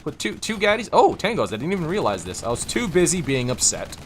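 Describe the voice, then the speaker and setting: A man's voice: a little high, wildly swooping pitch, quick pace, slight background noise. A man casually commentating a strategy game on a live stream, rambling, interrupting himself and chuckling often, with game gunfire behind him.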